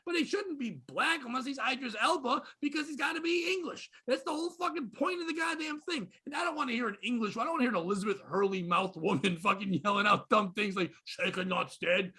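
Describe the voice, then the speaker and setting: A man with a fairly high voice hosts a comedy podcast. He rants with plenty of profanity, dropping into low mutters and then bursting out loud. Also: expressive, fast, few pauses, husky. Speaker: podcast host. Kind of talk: casual comedy podcast rant.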